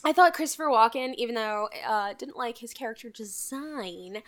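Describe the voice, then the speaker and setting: A woman co-hosting a casual movie podcast, chatting animatedly and acting out scenes in quick voices. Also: a little high, expressive. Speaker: podcast co-host. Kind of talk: casual chat about a movie.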